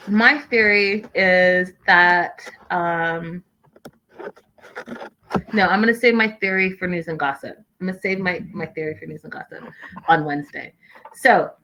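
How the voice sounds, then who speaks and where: Bright-voiced woman hosting a casual recap. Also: medium pitch, poor audio. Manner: animated, opinionated, talks straight to viewers. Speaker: host. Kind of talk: casual recap commentary reading viewer comments.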